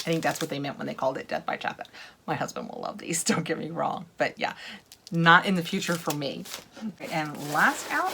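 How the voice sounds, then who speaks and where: A woman's voice: low-pitched, animated, moderate pace, noisy background. A woman in her thirties chatting through an unboxing, gushing and laughing, sometimes dropping to a whisper. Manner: chatty, gushing, laughs often, drops to whispers while sniffing. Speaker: unboxing vlogger. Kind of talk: casual unboxing chat.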